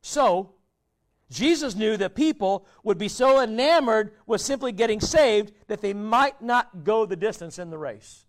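A man preaching a sermon as pastor, asking the congregation questions and dropping his voice low at the ends of phrases. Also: animated, measured pace. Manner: asks the congregation many questions, conversational preaching.

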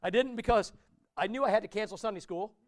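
A man's voice: sits high, fast talker. A man preaching a conversational sermon in a church, often asking his listeners questions. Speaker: pastor.

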